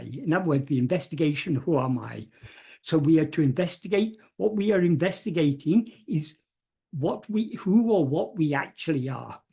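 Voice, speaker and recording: Husky-voiced man explaining slowly, full of pauses. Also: on the high side, darkish tone. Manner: careful, hesitant explaining with many fillers and restarts. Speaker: teacher of spiritual texts. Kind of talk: explanatory talk on a video call. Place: home, video call. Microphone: computer mic on a video call.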